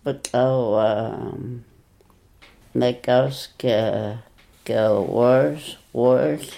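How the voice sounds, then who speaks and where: Deep gravelly voice, talks real slow, hunting for words, radio language lesson. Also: steady tone, dark tone. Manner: slow, halting, searching for words. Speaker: native-language speaker teaching phrases.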